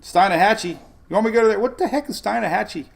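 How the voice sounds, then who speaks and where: A man's voice: sits high, expressive, very fast, creaky. A man hosting a live weather stream, chatting casually, reading viewer comments and rambling with frequent laughs. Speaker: weather livestream host. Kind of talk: casual livestream chat.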